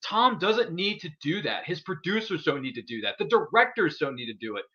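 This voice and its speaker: A man hosting a casual podcast chat about movies, excitable and gushing, talking in quick bursts. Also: fairly high pitch, highs cut off. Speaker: podcast host.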